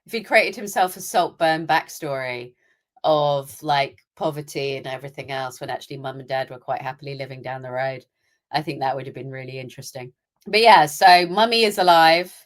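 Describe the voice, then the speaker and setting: Young British woman, low-pitched, podcast co-host, opinionated and chatty. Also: a little fast. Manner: chatty and opinionated, acting out asides. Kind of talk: casual chat.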